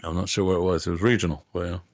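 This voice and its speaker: A man's voice: sits low, fairly even intonation, fast, no room sound, studio quality. A man co-hosting a casual podcast, talking in a rambling, hesitant way. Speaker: podcast co-host. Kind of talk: casual chat.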